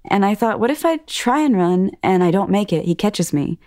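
A woman giving documentary testimony, recounting events earnestly and in a measured way, often acting out quoted speech. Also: medium pitch, expressive, warm tone, no echo, clean studio sound. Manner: earnest, measured retelling that voices others' quoted words. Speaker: interviewee telling her own story.

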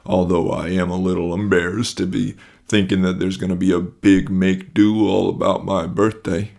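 A man voicing King Kookaroo, a kindly, modest bear king, speaking in a gentle, folksy manner. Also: deep voice, level tone, normal speed, creaky.

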